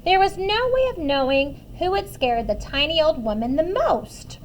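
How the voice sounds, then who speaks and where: Woman reading a kids' picture book, high voice, slow, lots of ups and downs, light noise behind. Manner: animated, asks listeners questions about the pictures. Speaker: children's story reader.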